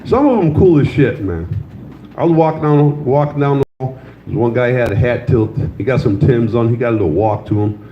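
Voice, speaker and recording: A man's voice: medium pitch, a little fast, a little hiss or hum. An older man performing a loose, crude stand-up set, telling stories and teasing the audience in a comedy club. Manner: loose, crude storytelling with crowd banter. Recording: slightly dull, roomy live club sound.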